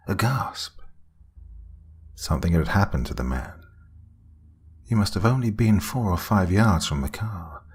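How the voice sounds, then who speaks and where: A man narrating a scripted horror story in a hushed, dramatic storytelling manner. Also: low-pitched, breathy edge.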